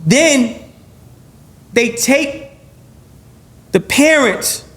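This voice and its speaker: A man being interviewed on a podcast, talking in an animated, blunt and profane way, often repeating and restarting his phrases. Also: very high voice, extremely slow. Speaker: podcast guest.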